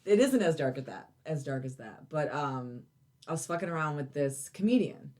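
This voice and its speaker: Middle-aged woman, very low voice, comedian co-host, blunt, dry, teasing, casual chat. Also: very animated, normal speed, darkish tone.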